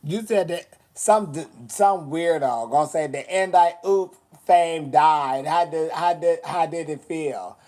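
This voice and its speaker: A man's voice: fairly high pitch, a little slow, few pauses, a little mellow. A man chatting casually on a livestream, sassy and blunt, swearing a lot as he answers comments.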